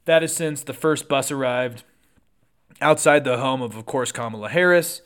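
Smooth-voiced man hosting political commentary. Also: medium pitch, a bit bright. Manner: conversational, with quick asides and self-corrections. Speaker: political podcast host.

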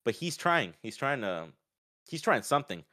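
A man talking casually about a fight, often acting out what others said in a raised, lively voice. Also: mid-range voice, moderate pace, no room sound, studio quality. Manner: animated, acts out quotes in raised voice. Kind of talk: casual sports chat.

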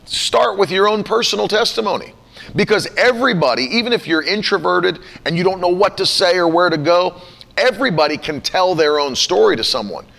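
Animated man with a higher voice, preaching casually. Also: fairly quick, gravelly. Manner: animated, laughing, mimics voices. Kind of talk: casual teaching talk.

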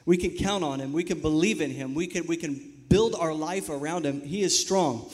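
A man who leads missions, speaking earnestly and in measured words about faith and wisdom. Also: on the high side, a little mellow. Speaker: missions executive. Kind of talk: sermon-like reflection.

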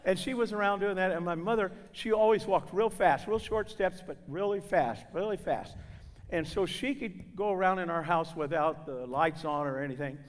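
An older man speaking to a gathering, telling humorous stories in a folksy, animated way and acting out the people in them. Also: high voice, moderate pace. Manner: folksy, animated, acts out voices. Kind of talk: humorous storytelling talk. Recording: long hall reverb.

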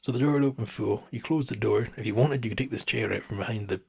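A man's voice: medium pitch, quick pace, creaky, a little mellow, husky. A man in his thirties telling a rambling travel story as a podcast host, chatty, laughing often and swearing casually. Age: 30s.

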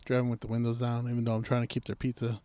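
A man's voice: medium pitch, completely flat delivery, racing, dark tone, a little hiss or hum. A man telling a story in casual chat, acting out his own past lines and swearing freely.

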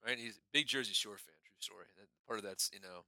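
A man's voice: on the low side, fast talker, bright, forceful tone. A man co-hosting a podcast, telling a story with lots of swearing and laughter in casual banter. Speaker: podcast co-host.

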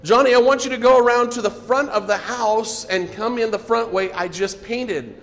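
Stern missionary woman, played by a male preacher, raised insistent calling, high voice. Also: animated, slow, a bit bright, long reverb tail, heavily acted. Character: stern female missionary teacher scolding a child.

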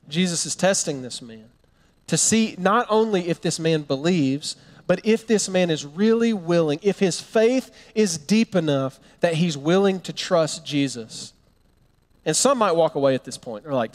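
A man preaching a sermon, telling a Bible story with animated storytelling and acting out the characters' lines. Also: a little high, moderate pace, big-room sound. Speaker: pastor.

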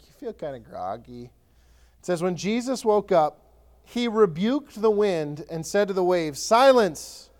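A man preaching a sermon as pastor, conversational and animated, often restarting his sentences and acting out scripture. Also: high-pitched.

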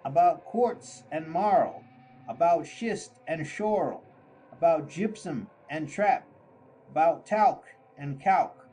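A man reading a classic story aloud as an audiobook narrator, slow and deliberate. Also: fairly high pitch, lively intonation, mellow, slight background noise, low-quality recording. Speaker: audiobook reader. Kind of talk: scripted narration.

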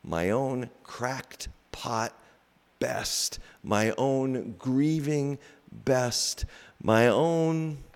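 A man delivers a sermon in an unhurried, reflective way, leaving pauses between his phrases. His voice sits at an ordinary middle pitch. Long reverb trails after his words, as in a large hall. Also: darkish tone. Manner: slow, reflective preaching with pauses. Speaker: preacher.

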